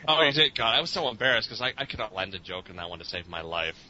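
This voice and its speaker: Man, loose, profane, self-mocking talker, bright edgy tone, dull lo-fi sound. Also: very animated, fast. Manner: rambling, profane, self-mocking, laughs often. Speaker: podcast interviewee. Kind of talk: casual chat. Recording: muffled lo-fi recording with faint rumble.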